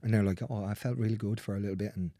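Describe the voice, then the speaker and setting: A man's voice: lowish voice, steady tone, rapid-fire, mellow, no room sound, clean studio sound. A man working as a manual therapist, telling stories about clients in a casual conversation, blunt and swearing freely as he acts out what people said.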